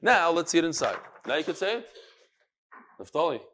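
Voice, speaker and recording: A man teaching a Talmud class, explaining the text in an animated way, calling on students and reading Aramaic phrases in a singsong. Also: fairly high pitch, fast talker. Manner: animated, switches between English and chanted Aramaic phrases, calls on students. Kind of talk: lively classroom Gemara lesson.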